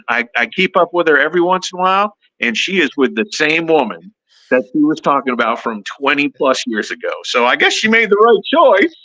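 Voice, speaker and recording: A middle-aged man, a podcast guest, telling a story in a lively, animated way and acting out the voices of people he quotes. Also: on the high side, low-quality recording. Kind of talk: casual storytelling.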